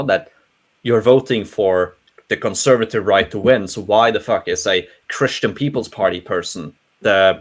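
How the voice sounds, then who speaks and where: Young man, Norwegian accent, non-native English, casual panel talk, lively and self-interrupting. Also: on the low side. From Norway. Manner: rambling, animated, many restarts.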